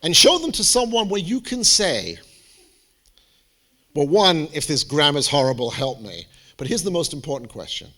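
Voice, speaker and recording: A man speaking as a college admissions adviser, giving a lively, theatrical presentation to students and parents. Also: on the high side, moderate pace. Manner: animated, theatrical, jokey storyteller.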